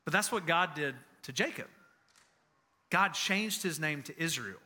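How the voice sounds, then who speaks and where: A male pastor in his thirties preaching a sermon with a high, very bright voice. He speaks earnestly and personally, weaving in family stories and repeating key phrases for emphasis. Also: animated, measured pace.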